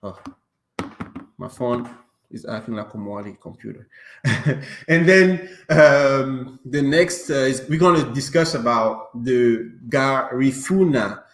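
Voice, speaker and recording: A man's voice: medium pitch, expressive, takes it slowly, a little hiss or hum. Joking male podcast host in an echoey room. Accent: non-native English. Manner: joking, loose, many fillers and restarts. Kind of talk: casual online podcast chat. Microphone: online stream call.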